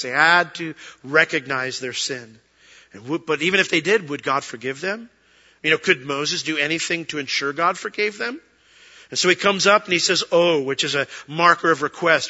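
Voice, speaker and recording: A middle-aged pastor delivers a sermon fairly quickly and conversationally, acting out quoted prayers and excuses. His bright, edgy voice sits a bit high for a man, and the dull sound carries a long hall reverb.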